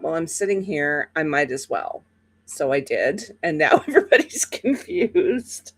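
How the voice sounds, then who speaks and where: A woman's voice: fairly low pitch, no echo. A woman hosting a casual livestream, chatting to viewers in a rambling way with many fillers, sleepy and yawning. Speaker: livestream host.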